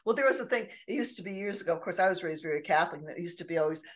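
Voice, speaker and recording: A woman's voice: lowish voice, expressive, racing, hardly any pauses. Older woman telling earnest stories. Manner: storytelling, earnest, many restarts. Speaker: podcast co-host. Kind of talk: casual chat.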